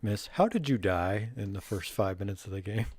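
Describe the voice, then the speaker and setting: A man talks as a player in an online tabletop game, making wry, joking remarks. His voice sits very low. The voice-chat sound is close and dry. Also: moderate pace, darkish tone, husky, no room sound. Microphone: voice chat mic.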